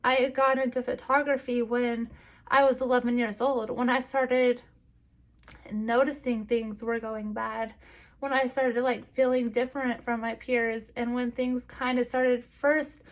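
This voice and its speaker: A woman's voice: fairly high pitch, little pitch movement. Tearful, breathless young woman confiding. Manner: halting, full of fillers and restarts. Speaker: vlogger. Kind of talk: personal confessional vlog.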